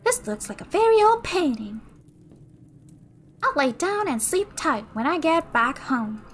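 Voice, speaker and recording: A woman's voice: sits high, very animated, a little slow. A woman doing a wide-eyed Southern girl. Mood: curious. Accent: American Southern, put on. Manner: wide-eyed, exclaiming, sing-song. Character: girl heroine with a Southern drawl.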